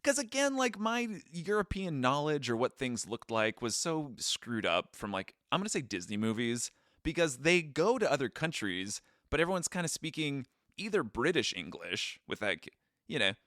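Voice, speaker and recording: Podcast co-host: a man, jokey and self-mocking, very lively pitch and a bright tone, dry close sound. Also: normal speed, no echo. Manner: joking, animated, self-deprecating. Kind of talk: casual chat.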